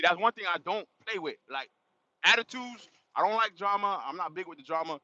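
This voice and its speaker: A livestream host with a high, bright, forceful voice tells his chat a story, brisk and expressive, laughing and exclaiming often in casual slang. The dull, lo-fi recording has no room sound.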